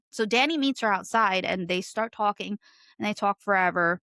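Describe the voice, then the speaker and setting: A young adult woman giving a casual book review, ranting in an animated way and swearing freely. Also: mid-range voice, moderate pace, dry recording.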